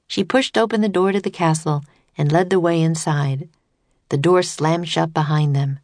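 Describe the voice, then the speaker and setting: A woman narrating a children's storybook in a steady, clear reading voice. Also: sits low, normal speed, no echo.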